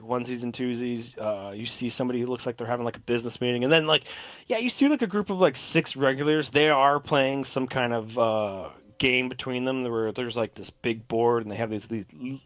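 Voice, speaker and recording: A man's voice: mid-range voice, a bit bright, dry recording. A man narrating as game master in a loose, rambling way, full of fillers.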